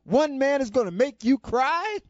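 A man's voice: very high voice, lively intonation, a little slow, no room sound, pitched above the performer's own voice. A man voicing a loving but firm churchgoing grandmother, talking with emphasis as he tells a story. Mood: indignant. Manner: emphatic, scolding then encouraging. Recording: dull lo-fi dry recording.

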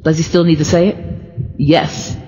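A woman giving a casual faith talk to the camera, sleepy and allergic, talking in an animated way and repeating words as she goes. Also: deep voice, normal speed. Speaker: church member sharing devotional thoughts. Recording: reverberant, dull lo-fi sound.

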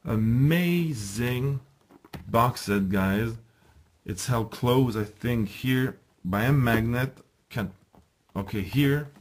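A man giving a casual, enthusiastic unboxing review, chatting to viewers and pausing with ums as he handles the items. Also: medium pitch. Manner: enthusiastic, chatty, often addresses viewers as guys; hesitant, with ums and restarts while handling items. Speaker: video reviewer.

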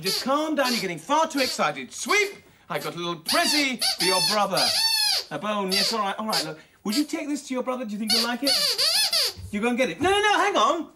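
A woman presenting a children's TV show, talking with puppets in an excitable, exclaiming way with playful scolding. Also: a little high, very noisy.

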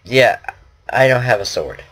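A man's voice: medium pitch, expressive, unhurried, fairly bright tone. A man giving casual game commentary at his computer, rambling and joking at his own expense. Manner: rambling, self-deprecating chatter. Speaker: gaming commentator. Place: at a home computer.

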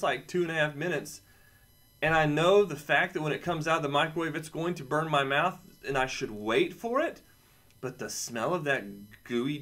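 A man's voice: medium pitch, fairly bright tone. A man with a son, teaching a casual lesson to children with playful, jokey asides. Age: adult, has a son. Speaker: camp teacher for kids.

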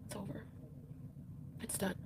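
A woman's voice: a little slow, very noisy. A woman talking frankly to her vlog viewers, rambling and filling her speech with "like" and swearing. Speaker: vlogger. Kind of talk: candid vlog talk.

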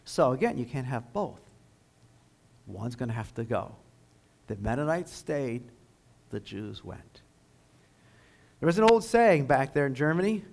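A man giving a history lecture at a high school, telling the story in an earnest, emphatic way. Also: very animated, moderate pace, creaky, long pauses, low-quality recording. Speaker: guest lecturer.

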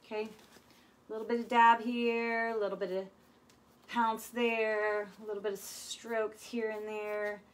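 A woman's voice: fairly high pitch, level tone, measured pace. A woman hosting a live furniture painting demonstration, chatty and playful as she talks viewers through each step.

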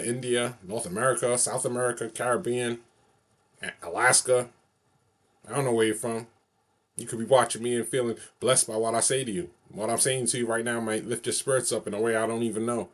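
A man's voice: medium pitch, fairly even intonation, fairly quick. A man in his forties from New York City, talking to his viewers in a rambling, repetitive and upbeat vlog, now and then chanting a short prayer. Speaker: vlogger. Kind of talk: casual monologue vlog.

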